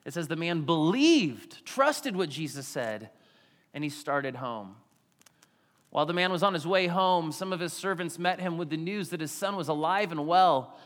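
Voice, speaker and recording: Bright-voiced animated preacher man. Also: on the high side, moderate pace. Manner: animated, acts out quotes in varied voices. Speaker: pastor. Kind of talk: sermon. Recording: long hall reverb.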